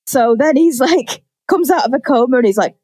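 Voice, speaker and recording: A young woman on a podcast, casually telling a story with lively acted-out quotes and plenty of swearing. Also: sits high, brisk, husky. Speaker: podcast co-host. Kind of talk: casual chat.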